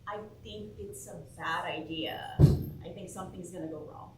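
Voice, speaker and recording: A woman's voice: on the low side, moderate pace, a bit bright, lightly acted. An actress playing a playful, superstitious young woman camper in a stage play, teasing and goofy. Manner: teasing, goofy, sings jokingly. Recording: roomy stage sound from a distant mic, background noise.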